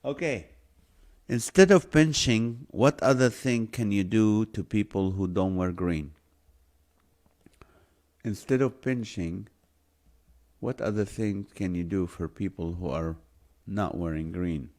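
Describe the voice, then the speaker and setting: A man's voice: lowish voice, slow pace, a little mellow. A man hosting a live stream, reading out viewers' names and number guesses in a playful, joking way. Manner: reads viewer names and guesses aloud, runs a guessing game; jokey, playful. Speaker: livestream host.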